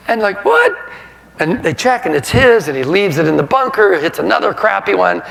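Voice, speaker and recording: Lively gravel-voiced older man telling stories. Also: a little high. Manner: animated, laughs through his anecdotes. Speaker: sportswriter and author giving a talk. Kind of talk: humorous storytelling to a live audience. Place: lecture hall. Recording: reverberant hall sound.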